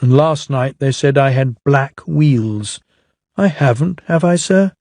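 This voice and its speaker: A man's voice: mid-range voice, slow pace, a little mellow, no room sound, studio quality. A man voicing a shy, eager male blue steam engine in a storybook reading, speaking politely and plaintively. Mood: sad.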